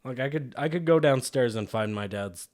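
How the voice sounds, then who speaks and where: A man's voice: mid-range voice, expressive, moderate pace, darkish tone. Laid-back man chatting about a movie. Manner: laid-back, swears often, mimics movie lines. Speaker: podcast co-host. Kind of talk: casual movie chat.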